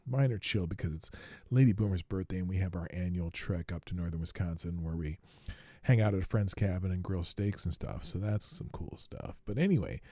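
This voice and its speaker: A man hosting his own livestream show, rambling casually from a home studio, talking softly and laughing at his own asides. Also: low voice, dry recording.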